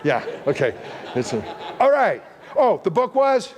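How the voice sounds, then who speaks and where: This guest preacher's voice sits high and swoops wildly in pitch as he talks a little slowly to a live church crowd, which can be faintly heard. His teaching is playful and punning, with acted-out voices, all in a long, reverberant church hall.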